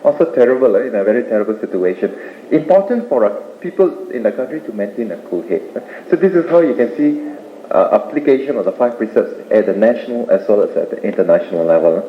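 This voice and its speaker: On a tinny, roomy old tape with faint hiss, a Buddhist speaker gives a Dharma talk in a lowish, lively, quick voice. He explains points through rhetorical questions and ends phrases with a tag "eh?"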